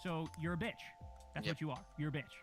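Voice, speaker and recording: A man's voice: fairly high pitch, fairly even intonation, fast, soft background music. A man streaming reaction commentary on clips, blunt and ranting, swearing heavily.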